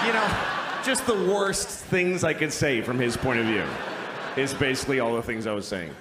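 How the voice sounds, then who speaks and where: A male comedian telling a wry, exasperated story, with sudden loud outbursts. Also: medium pitch, expressive, moderate pace, echoey room, heavy background noise. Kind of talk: stand-up and talk show chat.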